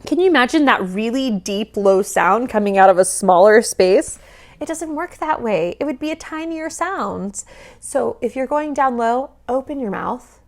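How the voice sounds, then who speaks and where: A woman vocal coach giving lively, casual reaction commentary, often singing short examples and laughing. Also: on the high side, normal speed. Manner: animated, demonstrative, sings examples, laughs often.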